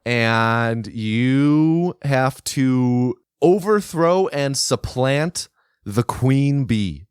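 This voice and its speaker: A man's voice: mid-range voice, animated, extremely slow, smooth, no echo, clean studio sound. A man co-hosting a casual film podcast, laughing often and drawing out his asides. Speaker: podcast co-host.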